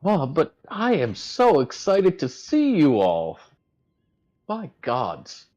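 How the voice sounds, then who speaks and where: A man voicing a jovial, chummy male spellcaster in a tabletop game, warm-hearted and drawn-out. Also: a little high, wildly swooping pitch, highs cut off, pitched above the performer's own voice, exaggerated voice.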